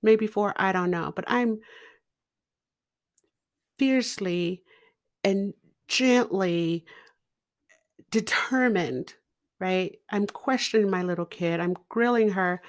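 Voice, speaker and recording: A middle-aged woman telling a personal story in a slow, deliberate and expressive way, laughing now and then. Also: mid-range voice. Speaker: podcast guest speaker.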